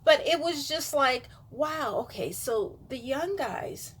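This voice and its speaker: A middle-aged woman takes her time telling a rambling story to her camera in this casual vlog monologue. She's high-pitched and expressive, fills gaps with fillers, and drops to a whisper when quoting others.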